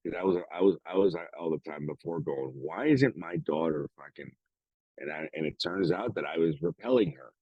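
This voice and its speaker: A man's voice: a bass voice, expressive, fairly quick, breathy edge, no room sound, highs cut off. A middle-aged man co-hosting a podcast, talking bluntly in casual chat, swearing often and acting out the lines of others. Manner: blunt, heavy swearing, acts out quoted dialogue. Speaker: podcast co-host.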